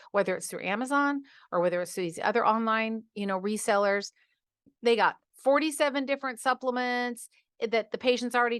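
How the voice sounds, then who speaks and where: Animated, exasperated woman podcast host. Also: on the high side, no echo, studio quality. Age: middle-aged. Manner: acts out patients in quoted asides. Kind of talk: casual podcast monologue.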